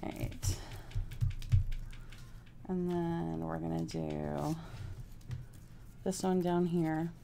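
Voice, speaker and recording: A woman's voice: sits low, little pitch movement, drawn-out words, creaky, long pauses, warm tone. A woman from Texas, chatting casually with live viewers while she works on a craft project and thinks aloud. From Houston, Texas. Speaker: craft vlogger.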